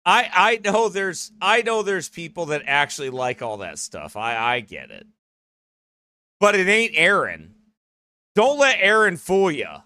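A man teasing a friend in casual, joking banter, playful and animated. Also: high voice, unhurried, no echo.

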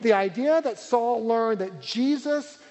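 A man's voice: very high-pitched, measured pace, darkish tone. A man preaching a sermon as pastor, earnest and emphatic, repeating key words for weight. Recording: reverberant hall.

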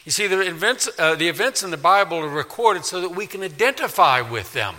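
Brief: man, pastor mid-sermon, piercing bright tone, slightly high pitch, emphatic with big swings from loud to hushed. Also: expressive, fairly quick, few pauses. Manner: emphatic, swings from loud declaring to quiet pleading. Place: church sanctuary. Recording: long reverb of a large hall.

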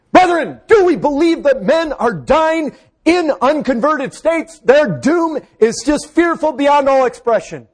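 A man preaching a fervent sermon, swinging between loud exhortation and low, hushed passages. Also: husky.

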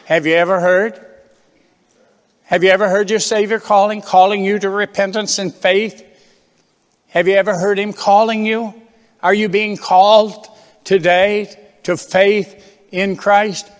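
A man's voice: high-pitched, flat delivery, a little slow, pauses often, big-room sound. A man preaching a fervent sermon, firing rhetorical questions and repeating phrases for emphasis.

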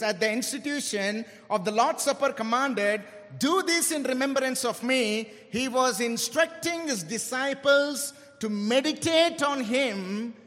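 High-pitched male preacher, emphatic sermon delivery, reverberant hall. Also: a bit bright. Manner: emphatic, slows down and stresses key words.

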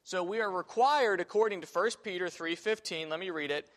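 A man with a somewhat high voice teaches a Sunday school class in a church classroom. He talks casually, thinking aloud with fillers and restarts. The recording carries a long, lingering reverb from the room. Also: fairly quick, hardly any pauses, a bit bright.

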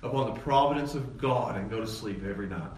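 A man preaching a sermon as pastor, animated, swinging from loud excited peaks to low emphatic lines. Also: fast talker. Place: church sanctuary. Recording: echoey church hall from far off, faint ambience.

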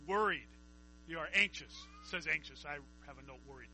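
A man's voice: on the high side, lively intonation, a little fast, sharp tone, a little hiss or hum, poor audio. A man preaching a conversational Bible teaching, reading scripture aloud and asking his listeners questions.

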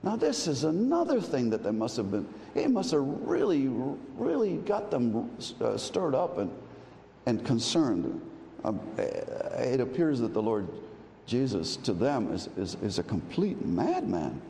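Delivering an expository sermon a little slowly, a preacher uses a warm, creaky mid-range voice whose pitch swoops wildly. He restarts phrases frequently on his way to forceful declarations, and the hall recording has long reverb and faint background noise.

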